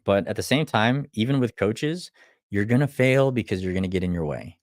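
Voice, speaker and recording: A man's voice: fairly low pitch, expressive, a little fast, dry recording, studio quality. A young man, an online business coach, talking bluntly and with plenty of profanity on a casual livestream. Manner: blunt, profane, acts out clients' lines.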